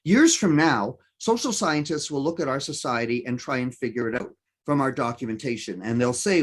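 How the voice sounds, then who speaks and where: Husky, lively man presenting. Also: medium pitch, normal speed, hardly any pauses. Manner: lively and emphatic, with frequent fillers and self-corrections. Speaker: conference speaker. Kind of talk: presentation talk.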